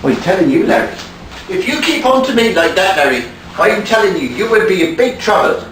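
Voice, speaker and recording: A man playing a hesitant, stammering presenter who tries to calm others, recorded from far off in an echoey room. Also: sits high, a little fast, faint music behind. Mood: placating.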